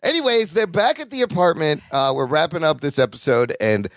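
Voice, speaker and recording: Animated, higher-voiced man podcaster. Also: fairly quick, no room sound, studio quality. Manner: animated, acts out quotes, laughs often. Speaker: podcast co-host. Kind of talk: casual chat recapping a sitcom.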